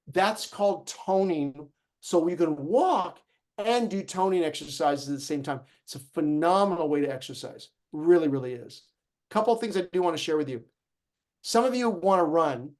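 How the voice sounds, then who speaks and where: A man teaching a live online fitness class, talking straight to his group in an energetic, encouraging way. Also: fairly high pitch. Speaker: fitness instructor.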